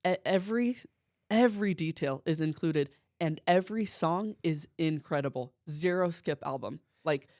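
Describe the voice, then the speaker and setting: A woman hosting a podcast, chatting casually and gushing with quick asides. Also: deep voice, animated, a little mellow, no echo, clean studio sound. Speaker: podcast host. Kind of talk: casual chat.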